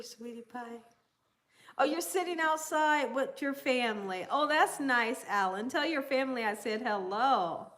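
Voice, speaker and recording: A woman's voice: high voice, a bit bright. A woman with a Southern American accent hosting a casual cooking livestream, chatting with viewers and cooing to her dogs. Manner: chatty, reads viewer comments aloud, coos to her dogs. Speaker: cooking channel host.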